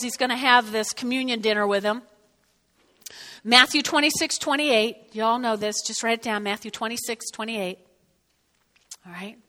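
A bright, fairly high-voiced woman preaching a sermon in a hall with a long, ringing reverb. She talks with animated energy, breaking into whoops and then sinking to a hush.

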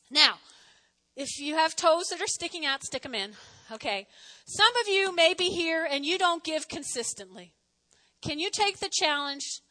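A woman pastor preaches fast in a sermon, chatty and animated, poking fun at herself. Her voice sits high and rings bright and forceful. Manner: fast-talking. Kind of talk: sermon and offering appeal.

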